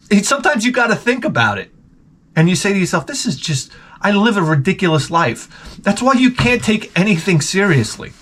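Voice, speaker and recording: A man's voice: high voice, fairly bright tone. A man telling crude stories with a comic edge, rambling and laughing a lot, and acting out the lines of the people in them. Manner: crude, rambling, laughs often, acts out quotes. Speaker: vlogger. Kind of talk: profane comic storytelling.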